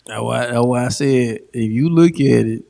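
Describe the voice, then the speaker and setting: A man talks on a podcast with a gravelly, fry-laden edge to his middle-pitched voice. He is laid back and reflective, and he laughs through his stories. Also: normal speed, mellow. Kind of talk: casual chat.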